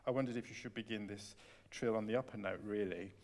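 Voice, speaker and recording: A man leading a piano masterclass on a concert hall stage, coaching a student with expressive enthusiasm. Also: on the low side, quick pace. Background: piano playing.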